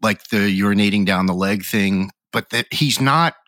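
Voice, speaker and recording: Wry low-voiced man co-hosting. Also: normal speed, fairly bright tone, no room sound, studio quality. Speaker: podcast co-host. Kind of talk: casual chat.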